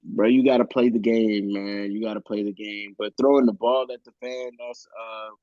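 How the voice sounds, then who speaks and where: A man's voice: fairly low pitch, steady tone, normal speed, dry recording, dull audio. A man co-hosting a podcast in casual chat, talking bluntly and swearing a lot. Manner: blunt, profane, heated. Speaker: podcast co-host.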